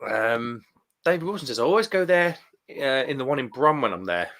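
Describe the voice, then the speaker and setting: Brief: cheerful English man with a bright, forward voice, co-hosting a beer stream and chatting with the viewers. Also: medium pitch, very animated, brisk. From England. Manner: cheerful, laughs often, chatty about beer. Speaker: live stream co-host. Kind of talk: casual chat reading viewer comments.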